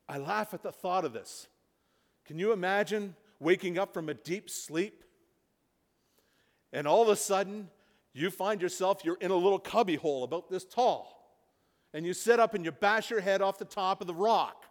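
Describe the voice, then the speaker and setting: A man preaching a sermon, retelling a story, dropping to a hush and then building to loud emphasis. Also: high voice, a little slow, pauses often. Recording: reverberant hall.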